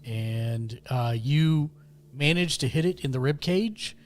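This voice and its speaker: Man calmly narrating as game master. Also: mid-range voice, slow. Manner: steady descriptive narration with fillers. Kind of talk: narrating a tabletop game online.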